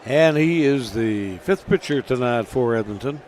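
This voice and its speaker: Steady male baseball play-by-play announcer. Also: mid-range voice, unhurried.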